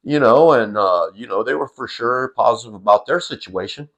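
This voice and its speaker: A man's voice: lowish voice, expressive, normal speed, a bit bright. A middle-aged man telling a funny family story in a loose, rambling way, with plenty of fillers and the odd curse. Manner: rambling, full of fillers and restarts, salty. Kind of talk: casual storytelling.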